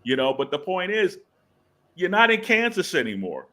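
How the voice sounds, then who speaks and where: A man's voice: high-pitched, very animated, normal speed, bright, forceful tone. A man, a guest writer on a podcast, telling a story with lots of fillers and acted-out scenes. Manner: rambling, many fillers, acts out scenes. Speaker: guest comic book writer. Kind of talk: animated storytelling in a podcast interview.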